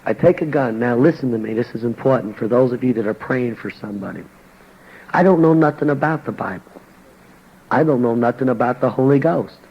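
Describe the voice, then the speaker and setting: A man's voice: medium pitch, fairly quick, breathy edge, muffled recording. An older man, a former boxer, telling his conversion story as a church testimony in a colloquial, slangy storytelling manner.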